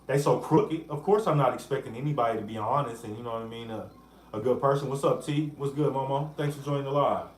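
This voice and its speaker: A man hosting a casual livestream. He talks in an animated way and breaks off to greet viewers by name. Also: mid-range voice, quick pace, roomy sound, slight background noise. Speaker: livestream host.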